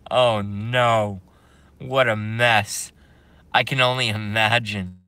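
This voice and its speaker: A man's voice: medium pitch, unhurried, pushed and bright. A man on a live stream, talking to his viewers and reading their chat, emphatic and repetitive, often laughing in disbelief.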